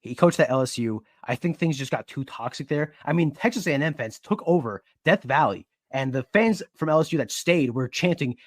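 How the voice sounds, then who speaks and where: A man co-hosting a casual sports podcast, explaining in a steady, analytical way. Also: fairly high pitch, fairly quick, few pauses, dry recording, clean studio sound. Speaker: podcast co-host.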